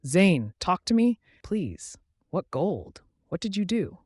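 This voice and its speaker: A man's voice: very animated, slow, darkish tone, slightly rough, no room sound, clean studio sound, heavily acted. A man voicing a desperate young woman who pleads urgently for her friend, in a scripted storybook narration. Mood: pleading. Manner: pleading, urgent, raised pitch.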